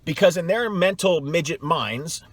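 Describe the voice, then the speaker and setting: This middle-aged man's voice is a little high and a bit bright, measured in pace, with no echo. Coaching salespeople in a blunt vlog, he sounds scornful and emphatic, saying things again and again for effect.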